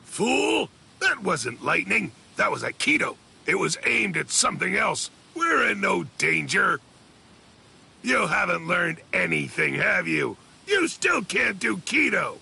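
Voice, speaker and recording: An actor playing a gruff, hard-drinking male warrior in a video game, who scolds and shouts. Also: high voice, sing-song, unhurried, heavily acted.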